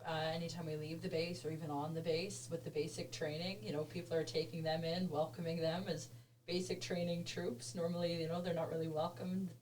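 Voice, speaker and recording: A woman from Canada, a soldier guest chatting casually in a plain, steady way. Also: low voice, brisk. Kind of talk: casual interview chat. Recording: distant mic with faint noise.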